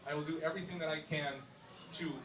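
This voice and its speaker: A man's voice: fairly high pitch, little pitch movement, quick pace, a bit bright, a little hiss or hum. A middle-aged man giving an earnest, formal acceptance speech with emphatic repetition. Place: election night event room. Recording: echoey room, distant mic.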